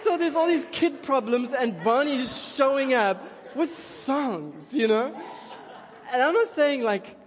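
A man preaching a sermon in an animated, chatty way, often checking in with the crowd. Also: very high voice, slow pace. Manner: animated, chatty, keeps asking "okay?". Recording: long reverb of a large hall.

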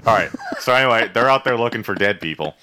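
A man's voice: medium pitch, animated, fast talker, bright, forceful tone. A man co-hosting a podcast, recapping an episode in a rambling, profane, playful way with silly nicknames. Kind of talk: casual chat.

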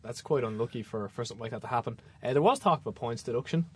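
A man talks fast on a casual football podcast and keeps restarting his sentences. A faint hiss sits under his voice in the studio. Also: medium pitch. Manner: quick, stumbling restarts. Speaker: podcast co-host. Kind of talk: casual sports chat.

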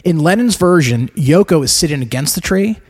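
A man's voice: fairly high pitch, lively intonation, fairly quick, darkish tone, husky. A man co-hosting a podcast, chatting casually and explaining album facts in an easygoing way. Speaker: podcast co-host presenting the album.

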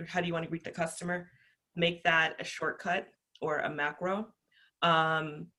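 A woman guest on a podcast interview, talking about customer service with passion, energetic and chatty with plenty of fillers. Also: low-pitched.

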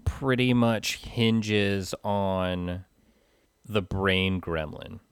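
A man with a very deep voice, talking films as a podcast co-host. He is measured and deadpan, and makes his jokes with a straight face. The recording is dry and close. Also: clean tone, no room sound. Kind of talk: casual film chat.

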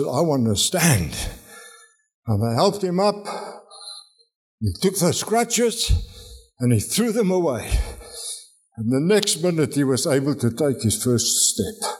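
A man preaching a sermon, telling a story in an animated way, acting out the voices of its people and repeating words as he goes. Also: fairly high pitch. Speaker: guest preacher.

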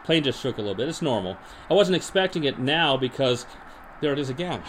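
A man hosting a podcast, deadpan and rambling with many restarts, in an improvised comedy monologue and mock interview. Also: mid-range voice, a little fast, a little hiss or hum. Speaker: podcast host.

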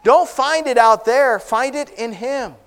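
A man with a fairly high voice preaches from the pulpit. He retells a Bible story with animated, conversational asides and acts out the characters' lines. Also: unhurried, smooth. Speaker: pastor. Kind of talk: sermon.

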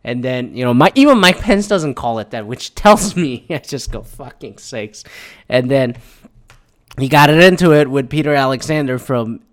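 A man's voice: mid-range voice, expressive, normal speed. A man in a casual opinionated monologue, rambling and profane, laughing often and adding mocking asides.

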